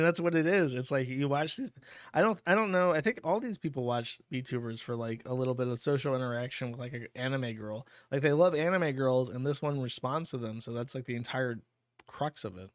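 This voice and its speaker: Recorded with clean studio sound and no room echo, a man with a mid-range voice hosts a livestream. He reads out donations and responds to them in a blunt, crude, offhand style of casual streaming commentary.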